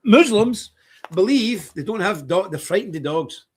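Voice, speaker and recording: A man's voice: high-pitched, animated, measured pace, slightly rough. An older man from Britain, hosting a stream with a fiery, preachy, defiant rant. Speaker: streamer host. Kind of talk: impassioned livestream rant.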